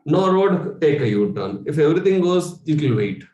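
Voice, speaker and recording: A man with an Indian English accent, working as a meditation coach, addresses a spiritual workshop conversationally, using rhetorical questions and chuckling. He sounds high and sing-song with a dark tone at a moderate pace, and the audio is lo-fi and echoey.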